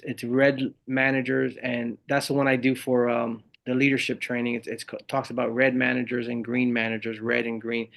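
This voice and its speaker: With a gravelly edge and medium pitch, a middle-aged leadership speaker chats as a podcast guest. He keeps the interview casual, telling lively stories and acting out whoever he quotes.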